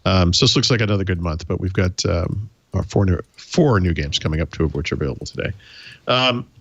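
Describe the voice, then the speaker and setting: A man's voice: low-pitched, brisk, no room sound, dull audio. A man with a Boston accent, co-hosting a tech podcast in easygoing, wry casual chat with many ums. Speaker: podcast co-host.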